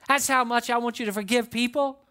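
A man preaching a sermon as pastor, animated, acting out the voices of his listeners and of Bible figures. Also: extremely high pitch, brisk, clear, resonant tone.

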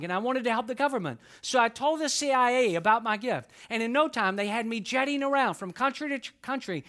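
A man's voice: very high-pitched, a bit bright, pitched above the performer's own voice. A man doing a bragging talking dog. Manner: tall-tale bragging. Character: boastful male talking dog, retired spy. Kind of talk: joke told in a sermon.

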